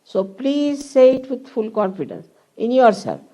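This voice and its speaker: An older woman leading a guided meditation at a public program, giving slow, deliberate instructions with long pauses. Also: on the high side, sing-song, mellow, poor audio. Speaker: meditation teacher. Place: public hall.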